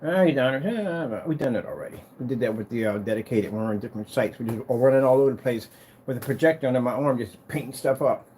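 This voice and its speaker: A man showing off his business's screen paint in a casual vlog, talking in an excitable, rambling, hyped-up way. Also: mid-range voice, quick pace, a little hiss or hum. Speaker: screen paint business owner demonstrating products. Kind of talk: casual product demo vlog with storytelling.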